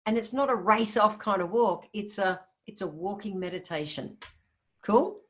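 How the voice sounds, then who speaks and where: A woman's voice: medium pitch, normal speed, a bit bright. A woman with an Australian accent hosting a casual solo health podcast, upbeat and chatty, talking straight to her listeners. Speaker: podcast host.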